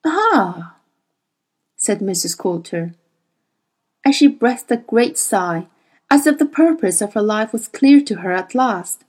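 A woman whose first language is Chinese, reading a fantasy novel aloud in a slow, deliberate storytelling manner. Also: mid-range voice, lively intonation, a little mellow. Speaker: audiobook reader.

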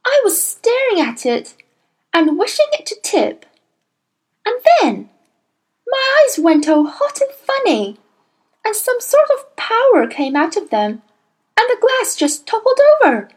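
A woman's voice: very high-pitched, huge pitch swings, unhurried, pauses often, voice pushed up, exaggerated voice. A woman reading a storybook aloud, voicing an earnest little schoolgirl with eager, pleading urgency. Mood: urgent.

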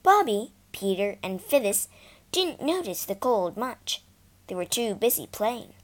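A woman narrating a children's storybook slowly and expressively. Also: medium pitch. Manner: slow and expressive.

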